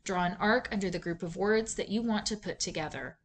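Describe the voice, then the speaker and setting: Measured woman reading teacher. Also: medium pitch. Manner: clear, measured teacher delivery with questions to students. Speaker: reading instructor. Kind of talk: scripted instructional narration.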